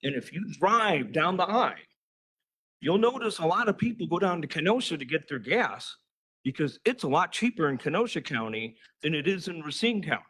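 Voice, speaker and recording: Heated public commenter, man, bright tenor-leaning voice, emphatic at the podium. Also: a little high, sing-song, moderate pace, breathy edge, low-quality recording. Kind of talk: public comment at a county board meeting. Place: county board chambers.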